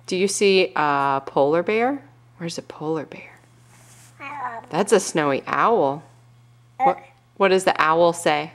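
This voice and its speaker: A young woman reading a picture book aloud to her toddler at home, gently asking questions and coaxing with little animal noises. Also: on the low side, expressive, normal speed, creaky.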